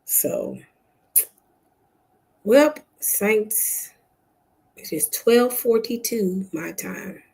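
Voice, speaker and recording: A woman's voice: mid-range voice, drawn-out words, gravelly, pauses often, dark tone, poor audio. A woman hosting a casual late-night livestream from home, tired and sleepy, chatting directly to her viewers. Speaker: channel host.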